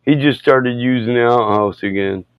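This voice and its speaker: Smooth-voiced man telling stories. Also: mid-range voice, moderate pace, dry recording, muffled recording. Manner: swearing, laughing, acts out quotes loudly. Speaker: podcast host. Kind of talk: casual chat, storytelling.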